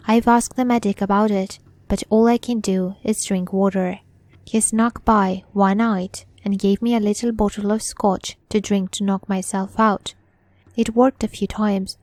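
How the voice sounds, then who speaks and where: Female horror-story narrator, slow deliberate read, dark mellow tone, dry close recording. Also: medium pitch, no echo.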